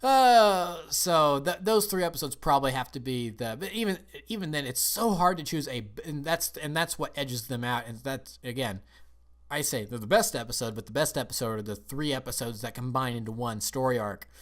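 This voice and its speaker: A man's voice: medium pitch, expressive, moderate pace. A man talking casually as a film and TV reviewer, eager and rambling, often restarting his sentences.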